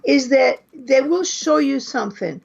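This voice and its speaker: A high-pitched woman talks at an unhurried pace in a casual podcast chat. She argues her point with many restarts and pauses. The audio is dull and lo-fi. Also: lively intonation, vocal fry, a little mellow. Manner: hesitant, restarts often while arguing a point. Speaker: podcast co-host.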